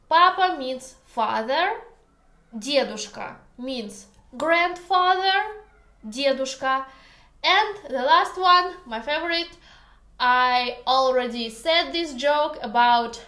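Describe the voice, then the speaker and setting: Russian woman, native speaker, teaching in her kitchen; high, slow, playful, echoey room. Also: pushed and bright. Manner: slow, careful, hesitant English with many pauses; playful, joking. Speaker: language teacher. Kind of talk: casual video lesson. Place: home kitchen.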